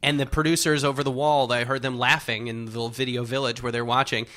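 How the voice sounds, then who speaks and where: Give me a bright-toned man, a comedian telling animated stories as a podcast guest. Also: mid-range voice, quick pace. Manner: animated comic storyteller. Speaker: stand-up comedian and actor guest. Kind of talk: casual interview chat.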